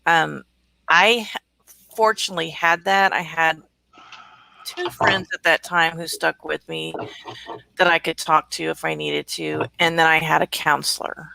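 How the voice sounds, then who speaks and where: A woman hosting a casual livestream chat in a relaxed way and reading viewer comments aloud. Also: low-pitched, unhurried, vocal fry. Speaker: host.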